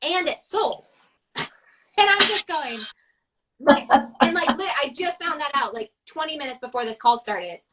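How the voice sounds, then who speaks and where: A woman artist and coach chatting on a video call, telling lively stories and acting out the people in them. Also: high-pitched, unhurried, poor audio. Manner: animated storyteller, acts out quotes. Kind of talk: casual conversation.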